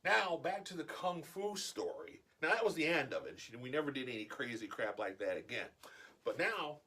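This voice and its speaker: Husky man telling a childhood story. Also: a little high, moderate pace. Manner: animated, acts out quoted voices. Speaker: vlogger. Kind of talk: casual storytelling.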